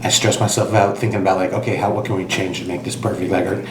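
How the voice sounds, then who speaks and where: A football coach with a low voice talks quickly in casual podcast chat, self-deprecating and profane. An echoey room carries his voice over a clear background noise. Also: level tone.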